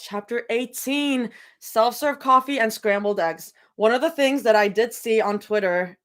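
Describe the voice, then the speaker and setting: A young woman chatting casually on a livestream from her bedroom before reading fan fiction, rambling, giggling often and breaking into excited yelling. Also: medium pitch. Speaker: fanfic livestream reader.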